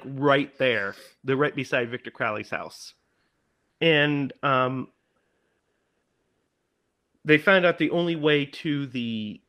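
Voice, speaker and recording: In a mid-range voice, a male podcast co-host casually retells a horror film. He's animated throughout, acting out the characters' lines in put-on voices.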